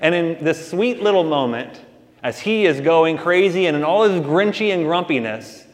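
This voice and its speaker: A man's voice: fairly high pitch, animated, moderate pace, big-room sound. A man preaching a sermon as pastor, talking to the congregation in a conversational way with casual asides.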